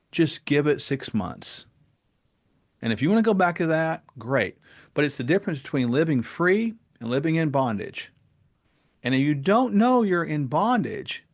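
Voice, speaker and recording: A man talking as a podcast guest, telling stories in an earnest and animated way. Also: a little high. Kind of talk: casual interview talk and storytelling.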